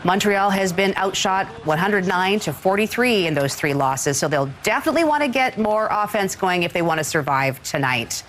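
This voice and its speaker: Female morning news anchor, lively up-and-down delivery, easy conversational read. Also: medium pitch, moderate pace, hardly any pauses, a little hiss or hum. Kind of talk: live morning TV presenting.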